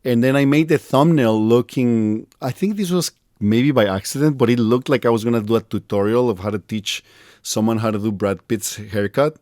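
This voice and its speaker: A man hosting a podcast, telling animated anecdotes and laughing at himself in casual conversation. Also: mid-range voice, moderate pace, no echo, clean studio sound. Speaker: podcast host.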